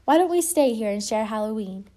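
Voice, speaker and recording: Woman reading as a gentle storybook bear. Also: fairly high pitch, animated, fairly quick, lightly acted. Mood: cozy. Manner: soft and thoughtful. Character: gentle, kindly male bear, loyal friend.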